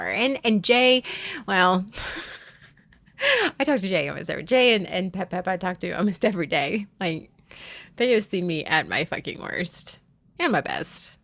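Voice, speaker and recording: A woman's voice: medium pitch, lively intonation, normal speed, a bit bright. A woman live streaming, talking candidly and heartfelt with her viewers, often restarting her sentences. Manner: confiding, swears casually.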